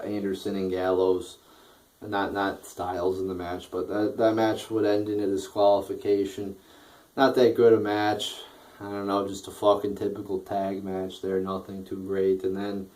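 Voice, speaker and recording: A man's voice: fairly low pitch, darkish tone, recorded from a distance, rough recording. Tired, cursing man ranting. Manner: tired, profane, rambling with restarts and yawns. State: sleepy, yawning. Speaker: wrestling show reviewer. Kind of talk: casual profane rant.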